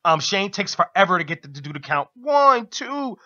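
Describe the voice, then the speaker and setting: A high-pitched man with a bright, forceful tone, co-hosting a radio show and recapping wrestling in an excited, casual way. He laughs often and shouts out quotes in a sharp voice. The recording has a dull, lo-fi broadcast sound. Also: fast.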